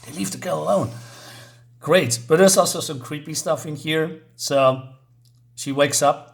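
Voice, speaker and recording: A man's voice: fairly high pitch, measured pace, vocal fry. A man casually reviewing a comic book, retelling the story and reading characters' lines aloud in a chatty, playful way. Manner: chatty, reads dialogue in playful voices, giggles.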